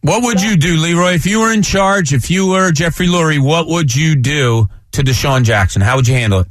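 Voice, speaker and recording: A man's voice: fairly high pitch, a little fast, no room sound. A man co-hosting a radio show, teasing and giving bossy suggestions. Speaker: co-host. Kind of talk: radio banter.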